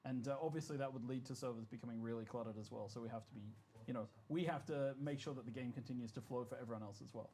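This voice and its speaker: A man streaming live, chatting casually and joking in a quick, rambling way. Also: medium pitch, dark tone, slight background noise.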